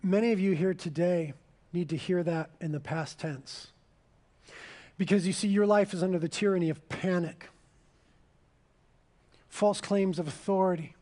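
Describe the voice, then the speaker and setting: A man preaching a sermon as pastor, swinging between loud proclamations and hushed, intense passages, slowing down to stress key phrases. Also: sits high.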